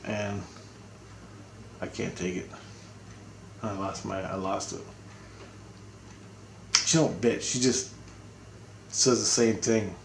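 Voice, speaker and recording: A man's voice: fairly low pitch, roomy sound, slight background noise. A man giving a casual, rambling video update, talking bluntly and swearing freely. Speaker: spiritual vlogger.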